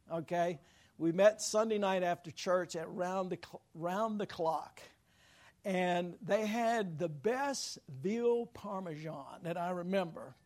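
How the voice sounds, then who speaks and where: High-voiced preacher telling stories. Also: male voice. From Louisiana. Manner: folksy, rambling storytelling with self-deprecating humor. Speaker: pastor. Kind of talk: sermon told as a personal story.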